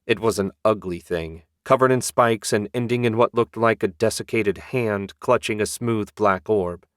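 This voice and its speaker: A man narrating a fantasy audiobook in a measured, even storytelling manner. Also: on the low side, dry recording, clean studio sound.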